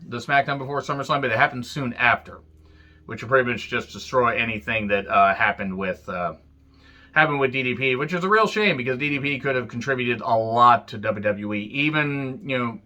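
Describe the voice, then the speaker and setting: A man's voice: medium pitch, pushed and bright. A man giving a casual, sarcastic and profane recap of an old wrestling show, full of jokey asides. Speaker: wrestling reviewer.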